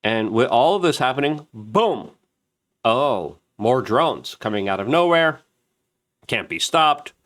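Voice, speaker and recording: Excitable man ranting to camera. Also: mid-range voice. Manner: excitable, emphatic ranting with rapid repetition; mimics other people in raised, mocking voices. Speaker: online news show host. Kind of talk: opinion commentary to camera. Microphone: camera-mounted.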